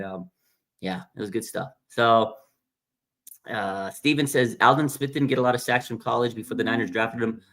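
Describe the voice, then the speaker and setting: A man hosting a casual sports livestream, rambling excitedly and reading viewer comments aloud. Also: medium pitch. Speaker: sports podcast host.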